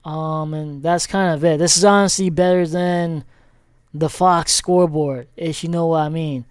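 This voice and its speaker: A man's voice: on the high side, steady tone, moderate pace, clear, resonant tone, no room sound, clean studio sound. A man giving a casual, rambling sports recap as he clicks through a screen, with many fillers and self-corrections. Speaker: sports vlogger.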